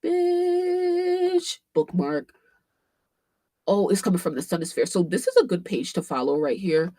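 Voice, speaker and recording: A woman hosting a casual commentary livestream, animated and swearing freely, with AAVE speech and frequent fillers. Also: on the low side, normal speed, husky, dry recording. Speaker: livestream host.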